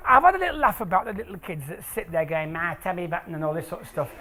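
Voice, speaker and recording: A man's voice: sits high, a bit bright, slight background noise. A man from England, presenting a jokey maths show to a family audience in a lecture hall. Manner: playful, jokey, teasing the crowd. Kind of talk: lively talk to a family audience.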